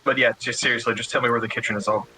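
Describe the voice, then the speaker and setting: A man playing a tabletop game in character, pushy and animated with rapid banter. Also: mid-range voice, noisy background.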